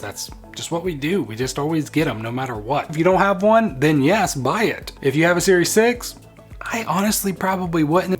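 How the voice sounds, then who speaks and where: A man talking casually in a vlog-style tech review, chatty and enthusiastic, prone to playful tangents. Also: on the high side.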